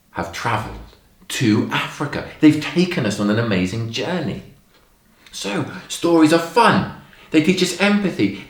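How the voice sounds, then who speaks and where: This man's mid-range voice echoes around the room as he tells young children stories during a lesson. He's emphatic and expressive, acting out each line of the tale.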